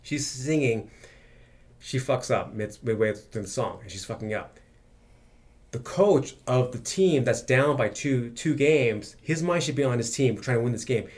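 A man's voice: mid-range voice, animated, a little slow. A man hosting a podcast, rambling and swearing as he tells a story in casual chat. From Los Angeles. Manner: rambling, profane, restarts often. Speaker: podcast host.

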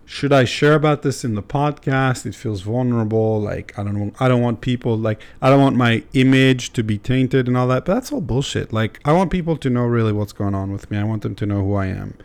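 A man's voice: medium pitch, a little fast, few pauses, a little mellow, clean tone. A young man chats on his podcast in a loose, unscripted way. He talks candidly and rambles, with fillers and casual swearing, in a mid-range voice. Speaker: podcast host.

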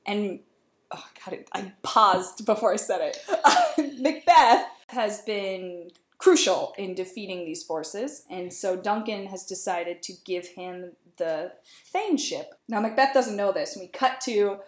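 A woman's voice: medium pitch, expressive. A woman podcast co-host giving a chatty, laughing plot summary in casual talk. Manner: chatty, laughing, quick asides. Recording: echoey room.

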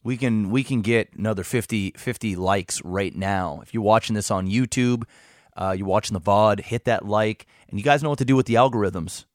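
A man's voice: on the low side, normal speed, no echo, studio quality. A man co-hosting a gaming podcast, laid-back and slangy, chiming in with short reactions and swearing. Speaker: podcast co-host. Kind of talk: casual chat.

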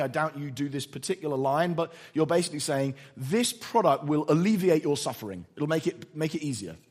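Husky earnest male preacher. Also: fairly high pitch. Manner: earnest, storytelling, quotes others in softer voice. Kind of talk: sermon.

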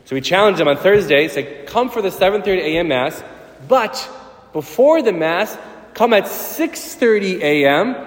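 A priest giving a sermon, animated, with sudden loud, high bursts of emphasis. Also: male voice, moderate pace. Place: church. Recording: echoey church with long reverb.

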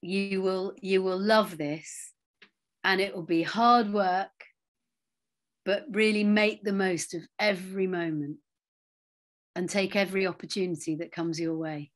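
A middle-aged woman recounts her stories in a casual interview. She talks with a lively storyteller's manner and drops into quiet asides. Her pitch sits mid-range for a woman. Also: measured pace. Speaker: interviewee, actress. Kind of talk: anecdotal interview chat.

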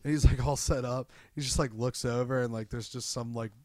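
Casual male storyteller, mid pitch, rambling and swearing, dry close recording. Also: steady tone, fairly quick, dry recording. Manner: rambling, filler-heavy, laughs, swears. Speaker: friend retelling a movie. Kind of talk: casual chat.

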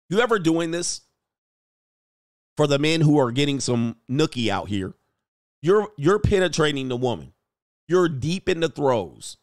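A man's voice: fairly high pitch, dry recording, clean studio sound. A middle-aged man hosting a relationship coaching show, giving blunt, profane commentary on a news story and lecturing his listeners.

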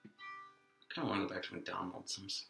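A man co-hosting an improvised comedy podcast, giving dry, terse, low-key replies. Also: fairly even intonation, moderate pace, creaky, pushed and bright, roomy sound, faint music behind. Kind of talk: deadpan improvised comedy chat.

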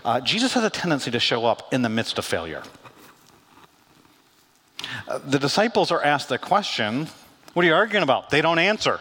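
A man preaching a sermon as pastor, conversational and animated, acting out quoted lines with asides. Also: fairly high pitch, brisk. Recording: long hall reverb.

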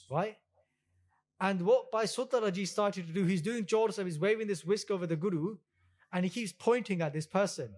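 A man giving a storytelling sermon on scripture, relaxed and conversational, acting out quotes and mixing in Punjabi words. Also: high-pitched, fairly quick. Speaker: religious teacher giving katha.

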